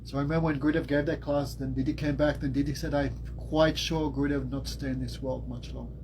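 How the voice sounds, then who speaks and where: A man giving a devotional class as a spiritual teacher, telling the story in a lively way. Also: mid-range voice, fast, noisy background. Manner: animated storytelling with laughs and acted quotes.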